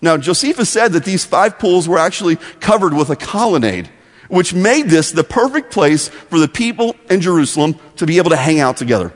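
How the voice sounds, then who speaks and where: A man teaching a Bible lesson as a story, animated and often repeating words as he starts. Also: fairly high pitch, fairly quick. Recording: long echoey hall reverb.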